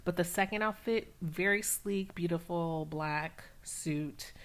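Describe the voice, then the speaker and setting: A woman casually recapping a reality TV episode, chatty and animated, with lots of fillers as she retells the scenes. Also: fairly low pitch, slow. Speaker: recap channel host.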